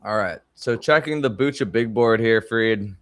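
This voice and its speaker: A man with a fairly low voice, co-hosting a podcast in easygoing chat. He talks haltingly and often stops to restart a thought. The recording is dry, with almost no room sound. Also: a bit bright, dry recording. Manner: halting, many fillers and restarts. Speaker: podcast co-host. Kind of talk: casual chat.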